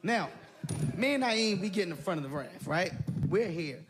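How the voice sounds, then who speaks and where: A man doing stand-up storytelling, animated, with loud bursts and laughing at his own story. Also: sits high, normal speed. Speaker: stand-up comedian. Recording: live stage recording with audience noise.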